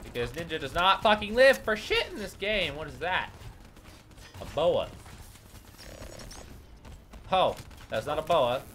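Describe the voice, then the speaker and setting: A man's voice: fairly high pitch, sing-song, measured pace, long pauses, a little hiss or hum. A man doing let's play commentary, swearing and complaining at the game as he plays. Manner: profane, exasperated, yelling at the game. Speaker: gaming YouTuber.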